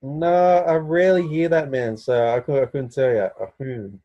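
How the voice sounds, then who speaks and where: A man's voice: mid-range voice, fairly even intonation, normal speed, warm tone, dull audio. Laid-back young Australian man. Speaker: guest. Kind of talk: casual chat over video call. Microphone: video call.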